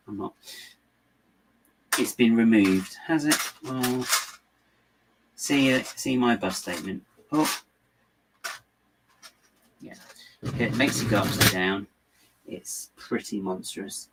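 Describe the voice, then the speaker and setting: A low-voiced man chats loosely while snapping bricks together, his talk wandering and self-mocking. He chuckles easily. A steady background noise sits under the recording. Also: slow pace, pauses often. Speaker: LEGO builder and channel host. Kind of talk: casual chat while building, replying to viewers.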